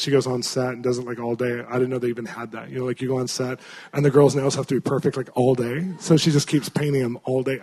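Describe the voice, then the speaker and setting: A man's voice: mid-range voice, darkish tone. A man preaching in an earnest, conversational way, telling a story to his congregation with many fillers and restarts. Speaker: pastor. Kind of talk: sermon storytelling.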